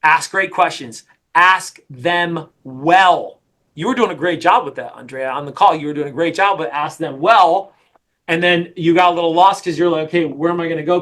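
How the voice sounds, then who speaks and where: Middle-aged guy coaching sales, bright forceful voice kinda high, pumped up and repeats himself a lot. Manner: energetic, emphatic, repetitive. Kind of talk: coaching session.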